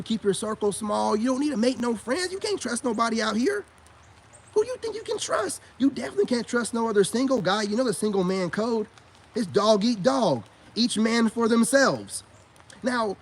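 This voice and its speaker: High-voiced man giving blunt slangy advice. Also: a little hiss or hum. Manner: slangy, repetitive, keeps asking "you know what I'm saying"; blunt, preachy advice to men. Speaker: vlogger and self-styled spiritual coach. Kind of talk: casual monologue to camera.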